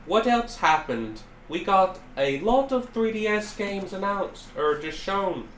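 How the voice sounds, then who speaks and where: A man's voice: high-pitched, lively intonation, measured pace, fairly bright tone. A young man hosting a casual podcast chat, teasing and laughing as he jumps in. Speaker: podcast host. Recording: roomy echo, faint hiss.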